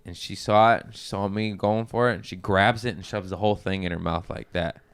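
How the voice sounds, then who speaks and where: Brief: man, lowish voice, smooth and clear, crude animated storyteller, dry studio sound. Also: fairly quick, no room sound. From Mexican-American family. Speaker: podcast guest. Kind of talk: casual podcast chat.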